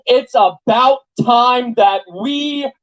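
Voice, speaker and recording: A man's voice: very high-pitched, drawn-out words. Young guy giving a jokey fired-up speech to a crowd, kinda muffled recording. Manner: animated, joking, rhetorical questions. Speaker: political activist speaker. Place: event venue with live audience.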